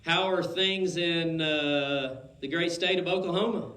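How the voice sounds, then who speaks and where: A man's voice: fairly high pitch, steady tone, measured pace, pushed and bright. A man hosting a fishing radio show, chatting in an easygoing, folksy way and a little out of breath. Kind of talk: casual radio interview. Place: radio studio. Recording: roomy studio echo.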